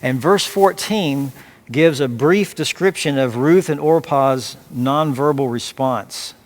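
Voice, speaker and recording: A man preaching as pastor, reading scripture aloud and explaining it phrase by phrase in a measured way. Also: medium pitch. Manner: measured, with frequent restarts and repeated words. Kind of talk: expository sermon.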